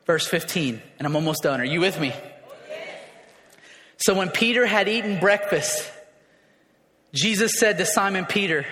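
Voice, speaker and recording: Male pastor, high voice, impassioned sermon delivery, roomy hall reverb. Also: animated, a little slow, pauses often. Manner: emotional, building to shouts. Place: church hall. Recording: echoey hall.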